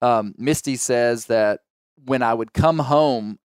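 A man with an Ozark Arkansas accent hosts a casual podcast chat, spinning long, animated tangents. His voice is smooth and resonant, close and dry with no room sound. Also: medium pitch, takes it slowly, no echo. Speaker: podcast host.

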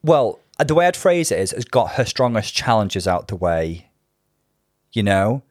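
A man co-hosting a casual podcast chat, calmly talking through his reasoning. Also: on the low side, no echo, studio quality. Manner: measured, analytical, explains strategy. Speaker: podcast co-host.

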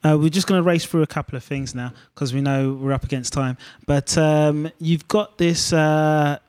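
A man's voice: a little high, steady tone, normal speed, a little mellow, clear, resonant tone. A man hosting an interview, asking questions and steering the talk in a conversational way. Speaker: interviewer host.

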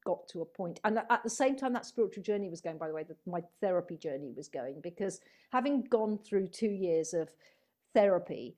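A woman's voice: fairly low pitch, lively intonation, a little fast, darkish tone. A middle-aged woman, a psychotherapist and healer, talks reflectively in a rambling, storytelling way and acts out the voices she quotes. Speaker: guest, psychotherapist and spiritual healer. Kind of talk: conversational storytelling interview.

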